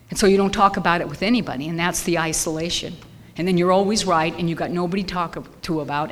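A woman sharing her personal story at a recovery meeting, candid and emphatic, repeating phrases for weight. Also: fairly low pitch. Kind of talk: personal testimony. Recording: reverberant hall with faint ambience.

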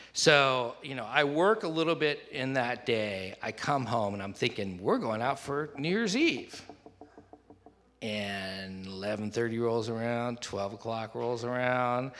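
A man's voice: mid-range voice, fairly bright tone. A man telling a personal recovery story in a rambling, self-deprecating way, full of asides and fillers. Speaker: speaker sharing a recovery story. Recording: long hall reverb.

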